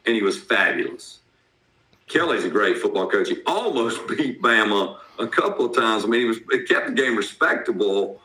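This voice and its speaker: Southern man, bright roomy voice. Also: medium pitch. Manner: blunt, folksy, laughs often. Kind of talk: casual sports talk.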